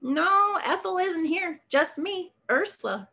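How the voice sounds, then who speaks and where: A talkative, breezy older lady rambling happily on the phone , as a woman reads her part. Her voice sits high and lifts brightly as she chatters on. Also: animated, slow, gravelly, exaggerated voice. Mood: chatty.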